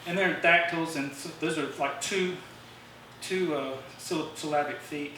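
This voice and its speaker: A man with a slightly high, steady voice speaks at a normal speed with a sharp tone, giving a rambling, informal songwriting talk at a club meeting, full of fillers and restarts. He's recorded from a distance in a meeting room that is very echoey, with faint hiss on the distant mic.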